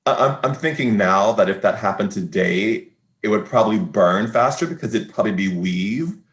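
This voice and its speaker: A man hosting a casual interview, relaxed, who repeats words when he starts a sentence. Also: fairly low pitch, moderate pace. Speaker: interviewer, association chairman.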